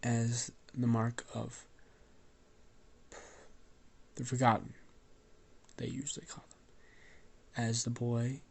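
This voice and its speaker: A man's voice: mid-range voice, flat delivery, slow pace, gravelly, slightly rough. A man with a cold telling an improvised story in a loose, rambling way, coughing now and then. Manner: rambling, loose, with fillers and swearing.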